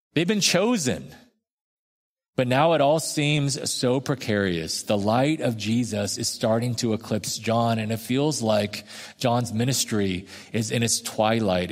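Conversational male preacher in a reverberant hall. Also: mid-range voice. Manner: conversational, acts out quoted voices, slows for emphasis. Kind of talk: sermon.

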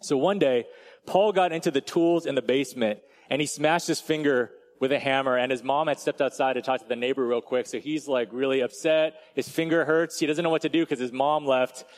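A man's voice: medium pitch, brisk. A man delivering a sermon as a pastor, telling a story in a casual, chatty way with frequent asides to the congregation. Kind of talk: conversational sermon.

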